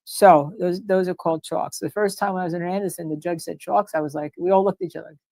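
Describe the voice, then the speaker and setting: A woman with a New Jersey accent hosting a casual livestream, talking in an animated way about a court case, repeating herself and reading chat comments aloud. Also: on the low side, quick pace, vocal fry, no room sound.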